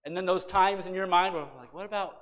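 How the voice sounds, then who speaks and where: A man's voice: high-pitched, fairly even intonation, a little fast, fairly bright tone, in a large hall. A man teaching a Sunday school Bible lesson, reading scripture emphatically and asking rhetorical questions.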